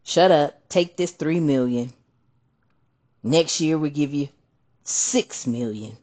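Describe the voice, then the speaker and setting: A woman's voice: deep voice, lively intonation, slow pace, warm tone, pitched below the performer's own voice. Smug bribing politician, as a woman puts it on. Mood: dismissive. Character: smug bribing politician handing out hush money.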